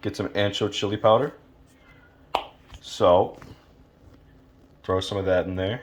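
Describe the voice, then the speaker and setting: Low-voiced man cooking over a sizzling pan. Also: fairly even intonation, normal speed, long pauses. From Louisiana, USA. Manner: laid-back, profane, joking asides. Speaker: home cook. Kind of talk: casual cooking tutorial. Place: home kitchen. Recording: noisy kitchen with frying sizzle. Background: food sizzling in a pan.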